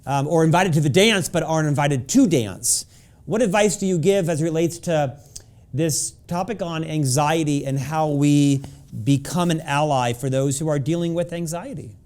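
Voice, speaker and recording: A man hosting an interview, asking thoughtful, measured questions. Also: fairly high pitch, darkish tone. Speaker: interview host.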